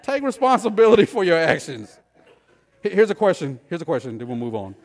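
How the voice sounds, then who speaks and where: A male pastor preaching a sermon, emphatic, firing repeated rhetorical questions and swinging between loud and hushed. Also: high voice, very animated, fairly quick, a faint crowd.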